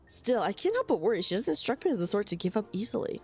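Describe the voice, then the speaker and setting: A woman voicing a gruff, stern older male guild recruiter in a game, with a slight southern drawl. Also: medium pitch, sing-song, quick pace, darkish tone, faint music behind. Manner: reading game lines aloud in an improvised put-on voice.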